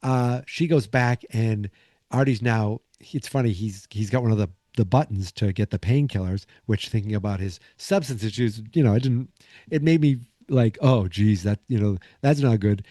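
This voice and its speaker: A man with a warm voice on the low side hosts a podcast, rambling through a casual sitcom episode recap at normal speed and acting out quotes. The recording is dry and cleanly studio-made.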